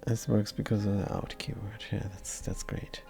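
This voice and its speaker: A man's voice: fairly low pitch, level tone, normal speed, gravelly, warm tone, soft background music. A man streaming live, talking through his code as he works and mumbling his thoughts aloud, often trailing off. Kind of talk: live coding commentary.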